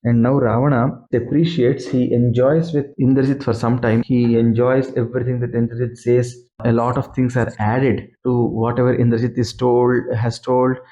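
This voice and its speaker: A man walks listeners through an old epic. His voice is warm and mellow, and he repeats phrases earnestly to press a point home. The recording sounds a little muffled and lo-fi. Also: mid-range voice, little pitch movement, normal speed, hardly any pauses. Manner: earnest, plain-spoken, repeats for emphasis. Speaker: scripture storyteller. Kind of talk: explanatory retelling of an epic.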